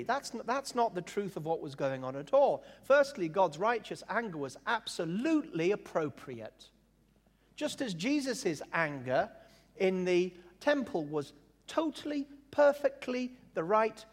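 A man with a fairly high voice preaches a sermon, leaning hard on key words and slowing down to make a point. His voice carries a long reverb, as if he is speaking in a large church hall. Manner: emphatic, drawn-out words, jokey asides.

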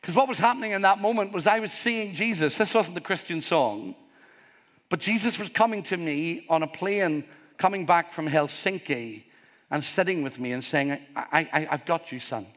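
A man's voice: high voice, expressive, normal speed, fairly bright tone. A middle-aged man preaching a sermon as pastor, earnest and openly vulnerable, rising to emphatic peaks. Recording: long hall reverb.

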